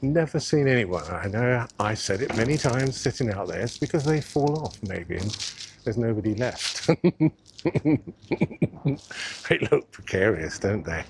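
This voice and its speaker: A fairly low-voiced man strolling city streets while filming, chatting away to his viewers and thinking out loud. He talks into a mic clipped under his coat, and faint street noise sits behind him. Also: expressive, measured pace. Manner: chatty, musing aloud, addresses viewers as guys. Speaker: vlogger. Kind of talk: casual walking-tour commentary. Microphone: clip mic under his coat.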